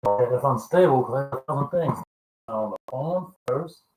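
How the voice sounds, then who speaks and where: A man's voice: mid-range voice, animated, normal speed. A man in his fifties talking casually in a vlog, rambling through work stories, laughing often and swearing as he retells what people said. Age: 50s. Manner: rambling, laughing, chatty, quotes people with coarse language. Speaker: vlogger. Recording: echoey room.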